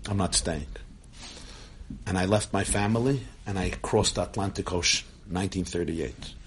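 A man tells a long story in a talk, animated and acting out the voices he quotes. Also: sits low, a little fast, slightly rough.

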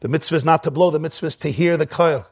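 A man's voice: fairly high pitch, fast talker, creaky. A man giving a Torah sermon with Ashkenazi Hebrew pronunciation, emphatic and full of rhetorical questions. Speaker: rabbi.

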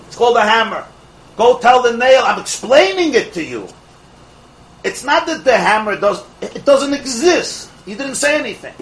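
A man teaching a Torah class to a live group of students, an animated storyteller who fires off rhetorical questions and laughs at his own jokes. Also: extremely high pitch, rough recording. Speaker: religious teacher.

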